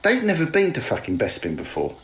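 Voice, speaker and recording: Lively man chatting about films. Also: on the high side, gravelly. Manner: chatty, quick agreeing interjections. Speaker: podcast co-host. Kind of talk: casual comedic film chat.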